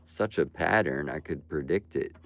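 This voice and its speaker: A man's voice: rumbling low, moderate pace, no room sound. A young man livestreaming and talking to his chat, ranting bluntly and profanely with frequent "bro" and "like". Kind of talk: live stream talk to chat.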